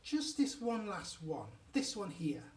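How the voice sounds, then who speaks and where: A man's voice: high-pitched, wildly swooping pitch, slow pace, roomy sound, recorded from a distance, exaggerated voice. A man doing a frank curious girl.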